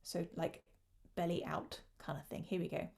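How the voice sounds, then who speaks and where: This woman's voice is on the low side, creaky and a little mellow, with little pitch movement and a normal speed. As a choral singing coach teaching an online workshop, she explains breath control and demonstrates using shushing sounds.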